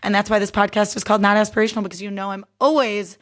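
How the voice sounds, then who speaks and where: Young woman, podcast host, casual solo chat, candid, says "like" constantly, mid-pitched voice. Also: level tone, very fast. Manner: chatty and candid, heavy use of "like".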